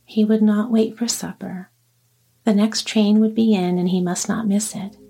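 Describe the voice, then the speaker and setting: Mellow woman reading a story. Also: medium pitch, steady tone, moderate pace, creaky, husky. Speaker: narrator.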